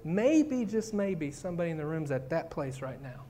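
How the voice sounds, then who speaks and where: Pastor, male, higher voice, preaching with dramatic readings and fervent emphasis. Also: big pitch swings, normal speed, mellow, slight background noise. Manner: reads scripture, acts out pleas, builds to fervent emphasis. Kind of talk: sermon.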